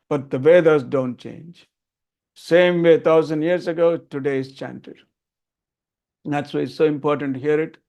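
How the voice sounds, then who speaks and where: An older man from Tamil Nadu, India, leads a group chanting lesson and earnestly repeats the essentials. His voice is on the high side, creaky, with a darkish tone.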